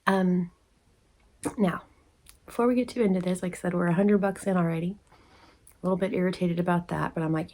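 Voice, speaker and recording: A woman's voice: fairly even intonation, fairly quick, pauses often, warm tone. A woman telling a casual storytime to the camera, chatty and acting out the people she quotes. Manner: chatty, acts out quoted people with pitch jumps. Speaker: crochet vlogger. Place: indoors at home, rain outside.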